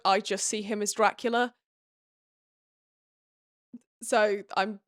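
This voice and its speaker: A young woman tears through a book recap with sarcastic, animated commentary and the odd swear. Her voice sits a little high, and the sound is dry and close. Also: no echo. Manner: sarcastic, animated, swearing, reads excerpts aloud. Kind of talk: comedic book recap with read passages.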